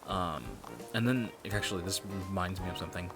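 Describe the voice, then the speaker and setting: A man's voice: sits low, brisk. A man streaming a video game, chatting casually in a rambling, profane, joking way. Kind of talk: casual gaming stream chat. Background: game music.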